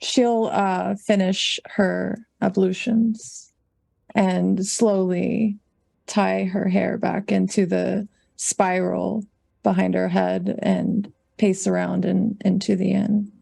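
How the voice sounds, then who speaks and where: A woman player describing her character at a tabletop game in an unhurried way, pausing often with ums. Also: medium pitch, flat delivery, vocal fry, mellow, dry recording. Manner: unhurried, with many ums and pauses.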